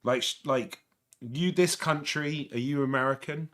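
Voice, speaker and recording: A man's voice: fairly high pitch, measured pace, fairly bright tone. A man in casual chat, ranting heatedly, stammering and swearing.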